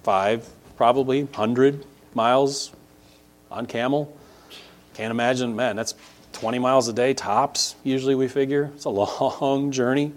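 A man leading a relaxed scripture lesson, his voice sitting in a middle pitch. He keeps it conversational, often checking in with the listener and leaning hard on key words. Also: a little slow. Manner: conversational, checks in with "right?" and leans on emphasis. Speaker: Bible teacher. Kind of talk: casual scripture lesson with a map.

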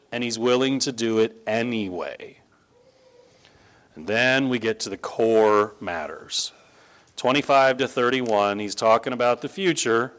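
Conversational, emphatic male preacher. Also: medium pitch. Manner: conversational, emphatic, rising to animated stress. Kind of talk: sermon teaching.

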